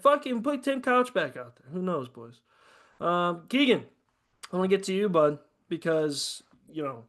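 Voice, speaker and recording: A man's voice: high-pitched, bright, forceful tone. A man hosting a podcast, joking around in loose, profane banter and laughing often. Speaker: host.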